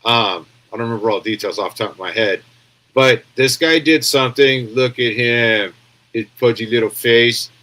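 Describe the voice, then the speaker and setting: A man's voice: medium pitch, normal speed, fairly bright tone, rough recording. Rambling sarcastic American man commentating live. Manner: rambling, sarcastic, reads chat comments aloud. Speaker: live stream news commentator. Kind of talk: casual live-stream commentary.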